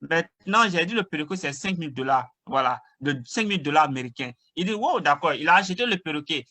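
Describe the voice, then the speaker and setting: Quick, bright-voiced man interpreting. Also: fairly high pitch, lively intonation. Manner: quick, recapping. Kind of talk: retelling a joke in French.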